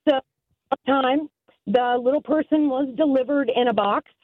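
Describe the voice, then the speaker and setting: A woman from Tennessee calling in, telling a story in a rueful, rushed way. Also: high voice, dry recording. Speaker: caller. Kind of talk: casual storytelling. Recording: thin phone line.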